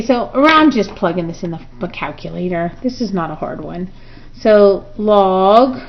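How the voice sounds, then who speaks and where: Unhurried woman teaching math, muffled recording. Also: mid-range voice. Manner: talks through steps aloud, frequent "okay" and "right?". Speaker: math instructor. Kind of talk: recorded review lesson.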